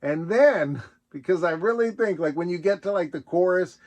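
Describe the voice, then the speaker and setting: A man's voice: high voice, animated, moderate pace, a little mellow. A man hosting a casual question-and-answer video, talking in a playful, rambling way and laughing often. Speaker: host answering viewer questions. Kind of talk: casual solo Q&A chat.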